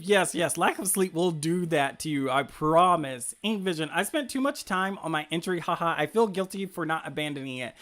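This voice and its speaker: A man's voice: high-pitched, fairly bright tone. A man hosting a casual livestream, reading chat comments aloud and cheering viewers on in an upbeat, filler-heavy way. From rural area. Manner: upbeat and hyping, fast with many fillers. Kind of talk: casual live-stream chat.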